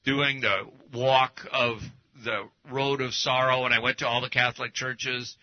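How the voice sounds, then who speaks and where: A pastor with a level, mid-range voice preaches a casual teaching sermon a little slowly, talking through slides as he goes. He is folksy and full of anecdotes, and the recording is dull and lo-fi.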